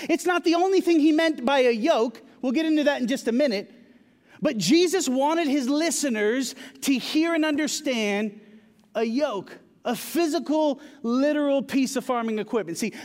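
High-voiced pastor preaching in a hall. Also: male voice. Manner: conversational preaching with repetitions and rising emphasis. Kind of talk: sermon. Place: church.

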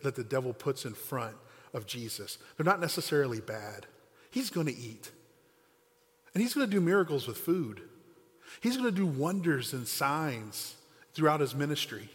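Male pastor, conversational sermon storytelling, mid-pitched voice, long reverb of a big church hall. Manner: conversational storytelling, acts out quoted lines.

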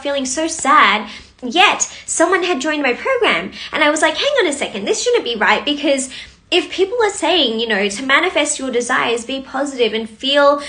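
A woman's voice: sits high, sharp tone. A young adult woman hosting a live coaching stream, chatting bubbly and casually with viewers and greeting them by name.

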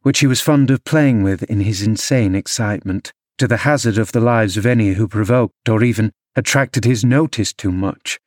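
A man narrating a classic novel as an audiobook, measured storytelling delivery. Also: fairly low pitch, no echo, clean studio sound. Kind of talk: scripted narration.

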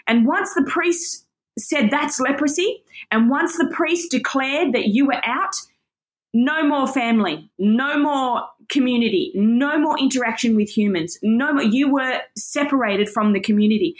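A woman's voice: high voice, measured pace. A woman teaching on a Bible passage, earnest and emotional, moved to tears as she reads.

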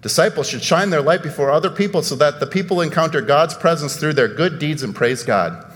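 A male pastor giving a sermon, animated and emphatic, asking rhetorical questions and breaking into sudden outbursts. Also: on the high side, fairly quick, big-room sound.

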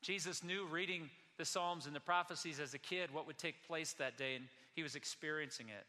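A male pastor preaches with a bright, ringing, tense tone and a slightly high voice. He delivers the sermon earnestly, asks the congregation rhetorical questions and slows down to press a point. His voice carries a long reverb from a large hall.

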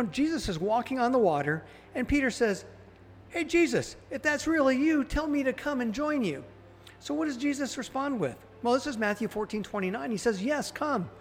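High-voiced man teaching a devotional. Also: in a large hall. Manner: questioning listeners directly, earnest. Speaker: devotional podcast host.

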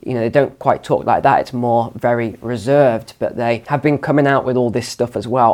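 A man's voice: medium pitch, brisk, few pauses, a little mellow. A man hosting a finance channel, speaking straight to camera in a confident, emphatic way about economic numbers. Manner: confident, emphatic, lectures on numbers over emotion. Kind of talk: direct-to-camera commentary. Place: home studio.

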